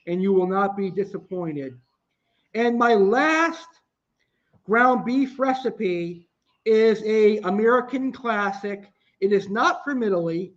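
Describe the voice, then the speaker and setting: A young man teaching a cooking class, talking through recipe steps plainly with some restarts. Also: sits high. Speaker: cooking instructor. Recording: dull lo-fi sound.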